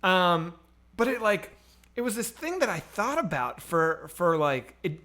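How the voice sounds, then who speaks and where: A man's voice: sits high, big pitch swings, a little slow, pushed and bright. A man co-hosting a livestreamed talk show, chatting casually and rambling with many fillers and restarts. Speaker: podcast co-host. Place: home streaming setup.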